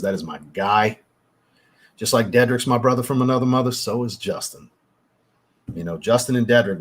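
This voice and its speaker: A man with a lowish, slightly breathy voice hosts a casual livestream, chatting with viewers, reading their super chats and thanking them. He reviews fragrances and stays laid-back, swearing now and then.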